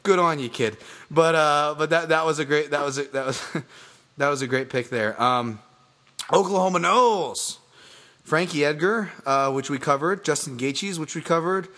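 A man hosting a podcast in casual sports chat, rambling, excitable and profane. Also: a little high, moderate pace. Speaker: podcast host.

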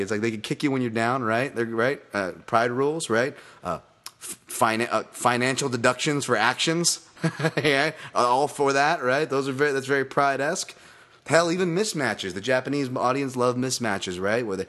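A man's voice: mid-range voice, lively intonation, moderate pace, a bit bright. A man hosting his own podcast, talking casually in a rambling, profane, self-deprecating way, with lots of fillers and tangents and frequent laughs. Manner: many fillers and restarts, tangents. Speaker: podcast host. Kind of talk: casual solo podcast monologue.

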